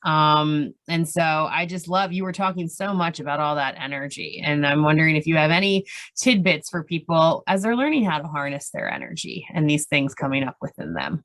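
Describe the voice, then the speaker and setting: A woman's voice: sits low, expressive, normal speed, a bit bright. A woman hosting a casual podcast interview, reflective and rambling, with lots of "like" and "you know.". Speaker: podcast host.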